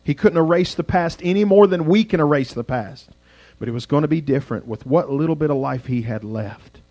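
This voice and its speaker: A male pastor telling a dramatic story in a sermon, swinging from loud passages to hushed ones. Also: on the high side, animated, fairly quick, dry recording.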